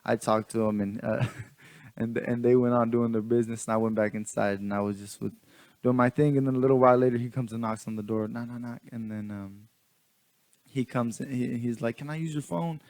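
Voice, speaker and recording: Rich: A man recounts a neighborhood story in a loose, slangy way, circling back and restarting his sentences. His pitch sits in a middle range, and the recording is dry and close, with no room sound. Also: level tone, a little fast, a little mellow, no room sound. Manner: rambling, many restarts, laughs often. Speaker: vlogger. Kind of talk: casual storytelling.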